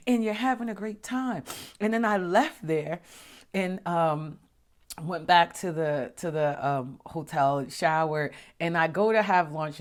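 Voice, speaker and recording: Low-voiced woman telling her story. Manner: chatty, animated, acts out dialogue with big pitch jumps; drops to soft murmurs and whispers when reflective. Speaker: podcast host. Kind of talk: casual personal storytelling.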